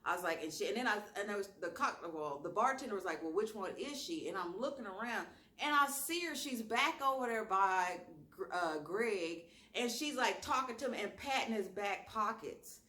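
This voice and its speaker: A woman with a strong Southern accent, telling a wild story in a casual vlog with slang and lively asides. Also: mid-range voice, normal speed. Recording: echoey room.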